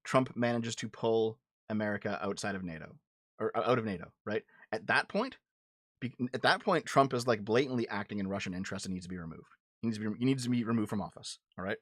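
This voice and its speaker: Fast and on the low side, this man's voice comes through dry and studio-clean. As host of a livestream, he fires back at his chat about politics with crude bluntness. His casual commentary is full of restarts and repeated words whenever he's worked up.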